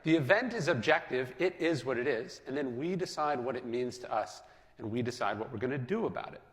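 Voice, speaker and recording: A man with an ordinary mid-range voice explains ideas in a measured way. He keeps checking in with his listeners. His voice trails off into a long hall reverb. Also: mid-range voice, animated. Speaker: speaker on philosophy. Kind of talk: explanatory talk.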